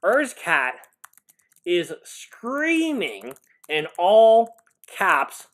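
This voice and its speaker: A man's voice: fairly high pitch, lively intonation, unhurried, long pauses, a bit bright. Incredulous man reacting live. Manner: incredulous, laughing, rambling with restarts. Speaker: lawyer streamer reacting live.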